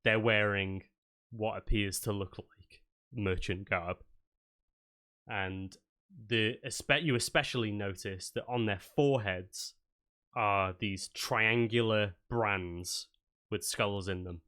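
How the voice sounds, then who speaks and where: A man running a tabletop game, his voice sitting on the low side. He narrates loosely and casually, leaning on fillers as he describes the scene. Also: slow, sharp tone. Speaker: game master.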